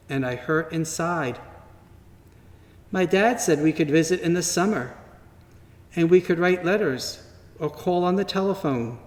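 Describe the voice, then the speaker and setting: Guy reading a kids' story at church, kinda high voice, slow and gentle, lots of reverb. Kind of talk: reading a children's story aloud. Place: church sanctuary. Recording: long reverb from a large hall.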